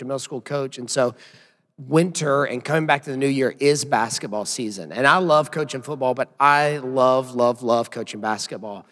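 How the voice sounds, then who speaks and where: A hoarse man in his thirties speaks as a pastor, his voice worn from yelling. He talks in a loose, chatty way, sprinkling in self-deprecating asides. His voice hangs in a long hall reverb at an ordinary mid pitch. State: hoarse from yelling while coaching. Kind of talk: church announcements and sermon opening.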